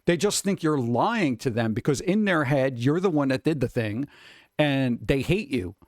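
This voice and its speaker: A man's voice: mid-range voice, lively intonation, normal speed, no echo, clean studio sound. A man in his forties, a streamer rambling casually and answering chat, swearing and chuckling often.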